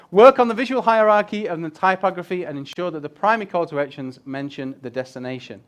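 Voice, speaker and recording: A man's voice: sits high, a little fast. A man giving a casual, joking presentation on user experience design to a live audience, swearing now and then. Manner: animated, swears casually, jokes with the crowd. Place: event room with a live audience.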